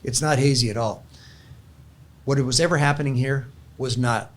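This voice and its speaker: A man's voice: mid-range voice, normal speed. A man, older in years, earnestly sharing a personal faith story in casual chat, with frequent restarts. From California.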